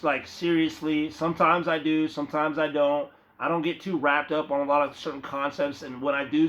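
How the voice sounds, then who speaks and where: In dull, lo-fi audio from a phone, a young male vlogger with a fairly high, somewhat bright voice talks casually to viewers. His monologue wanders and is full of slang and swearing, and he keeps calling the viewer "bro."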